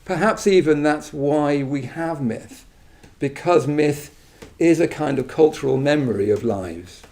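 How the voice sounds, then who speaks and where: Middle-aged man, from England, reflective dharma talk, gravelly low register, warm dark tone, halting with restarts. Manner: halting, many restarts and soft trailing asides. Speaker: Buddhist teacher giving a talk.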